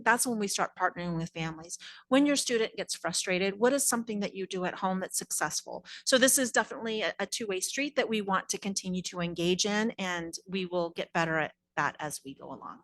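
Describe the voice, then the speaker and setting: A woman from the school district calmly explaining how staff work with families. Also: medium pitch, no echo. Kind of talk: explaining at a board meeting.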